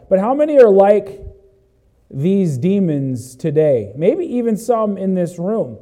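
A male pastor preaching a sermon emphatically, swinging between loud exhortation and hushed asides, and calling out "Amen?" to the congregation. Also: high voice, lively intonation, normal speed.

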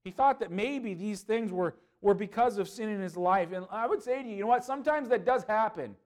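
A man, a pastor, preaching a sermon with passion, swinging between loud pleading and hushed earnestness. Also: high voice, brisk.

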